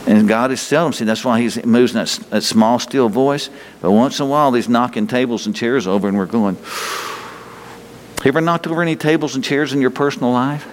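A man's voice: medium pitch, a little fast, a little hiss or hum. Folksy preacher man, long hall reverb. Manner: folksy, rhetorical questions, chuckles often. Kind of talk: sermon.

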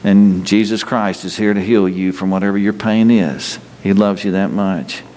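A man preaching a sermon in an earnest, halting way, repeating himself as his pitch rises and falls. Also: steady tone, darkish tone. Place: church hall. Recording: long reverb of a hall.

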